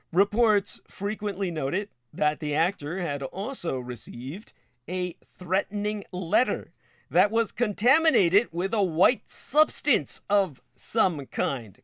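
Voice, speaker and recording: Slow-talking man hosting a livestream monologue. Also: on the high side, a bit bright, no echo, clean studio sound. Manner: digressive, reads passages then adds wry asides; hesitant, with frequent filler sounds. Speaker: livestream host. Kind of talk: livestream monologue reading news aloud.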